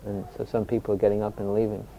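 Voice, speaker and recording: A soft-spoken older man, a spiritual teacher telling anecdotes in a reflective talk, often restarting his sentences. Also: lowish voice, monotone, fast talker, gravelly, a little hiss or hum. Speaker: spiritual teacher answering questions. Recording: dull lo-fi recording.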